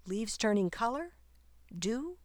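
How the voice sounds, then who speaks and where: A woman's voice: on the high side, very animated, slow pace, no echo. A woman reading a children's story aloud, asking her listeners questions along the way. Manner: warm, engaging, asks listeners questions.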